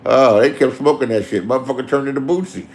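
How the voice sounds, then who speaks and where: A middle-aged man, telling profane street stories in a loose, animated way. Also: medium pitch, fast. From Inglewood, Los Angeles. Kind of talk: casual storytelling.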